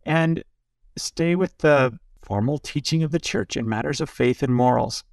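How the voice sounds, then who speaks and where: A man's voice: medium pitch, a little slow, vocal fry, a little mellow, dry recording, clean studio sound. A man, a Jesuit priest, giving reflective spiritual teaching in conversation and telling stories with little asides. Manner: storytelling, with asides like "huh?".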